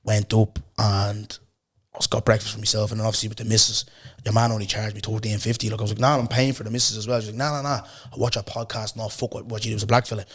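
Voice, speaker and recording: A young Irish man hosting a podcast, telling a story in a casual chat, animated and laughing often as he acts out what people said. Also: on the low side, racing, slightly rough. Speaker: podcast host.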